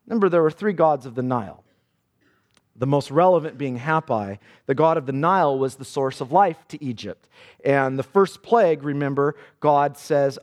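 A man's voice: mid-range voice, lively intonation, normal speed, darkish tone. A man preaching a sermon, reading scripture aloud with dramatic emphasis. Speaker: pastor.

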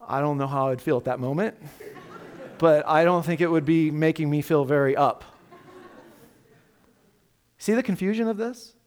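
A male pastor preaching a sermon in an animated, conversational way, full of rhetorical questions. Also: on the high side, normal speed, pauses often, big-room sound.

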